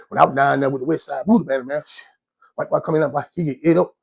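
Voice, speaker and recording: A man's voice: medium pitch, steady tone, fast talker, vocal fry, breathy edge. A man, casually telling his own story in a slangy, rambling way and often checking in with the listener. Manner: slangy, rambling, keeps asking "you know what I'm saying".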